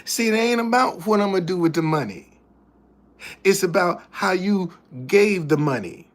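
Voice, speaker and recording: A man's voice: high voice, expressive, moderate pace. A man hosting a casual livestream, speaking in an emphatic, preachy way that keeps repeating its points. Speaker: livestream host.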